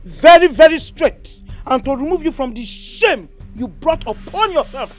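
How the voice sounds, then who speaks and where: A woman's voice: high-pitched, sing-song, normal speed. An actress with a Nigerian accent playing a defiant, mocking woman who taunts and provokes. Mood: taunting. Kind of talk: Nollywood film acting. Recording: film dialogue with faint music.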